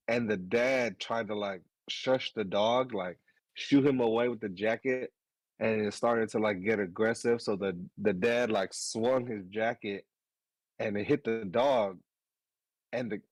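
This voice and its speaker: A man in his thirties, a podcast co-host, telling a story in casual chat, animated, swearing and laughing as he goes. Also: on the low side, dry recording, rough recording.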